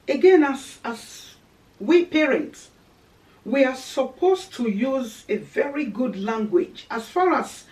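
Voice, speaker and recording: A woman's voice: fairly high pitch, a little mellow, distant mic, rough recording. A woman giving earnest, preaching-style marriage advice, repeating her key phrases for emphasis. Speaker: Christian teacher on marriage.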